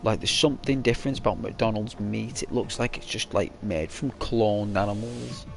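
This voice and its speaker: A man's voice: fairly low pitch, normal speed, vocal fry, faint music behind. A man streaming a game and chatting casually to viewers, rambling with lots of fillers. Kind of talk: casual live-stream chat.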